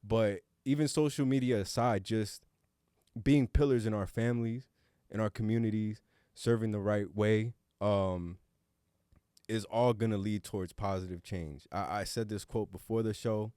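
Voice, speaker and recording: A man's voice: fairly low pitch, fairly even intonation, normal speed, mellow, clear, resonant tone, no room sound, clean studio sound. A man co-hosting a casual podcast roundtable, talking earnestly and reflectively, now and then swearing casually. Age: adult with young son. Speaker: podcast co-host.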